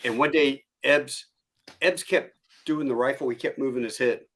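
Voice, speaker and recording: A man in his fifties, a podcast host and former Marine, telling animated stories in a casual chat. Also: medium pitch, normal speed. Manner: animated storyteller, acts out quotes.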